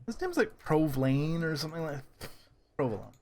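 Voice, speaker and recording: A man's voice: fairly high pitch, big pitch swings, normal speed, slight background noise. Teasing man co-hosting a game. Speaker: co-host. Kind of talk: casual chat.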